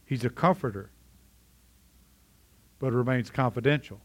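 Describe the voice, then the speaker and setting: A man's voice: medium pitch, measured pace. A middle-aged man preaching a sermon in a conversational way, often asking his congregation questions. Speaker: pastor.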